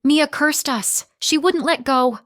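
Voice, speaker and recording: A guilt-ridden middle-aged mother wails in a high, tearful voice, as a woman narrator puts her on. The delivery is slow and the sound dry and close. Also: fairly bright tone, no room sound. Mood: sobbing.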